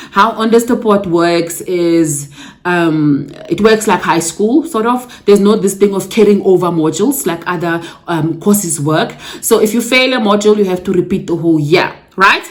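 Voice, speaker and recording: Young woman, casual vlogger, chatty and candid, talks straight to her viewers, mid-pitched voice. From South Africa. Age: young adult. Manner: chatty, addresses viewers as guys, exclaims yay and yo; emotional, close to tears at times. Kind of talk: casual storytelling to camera.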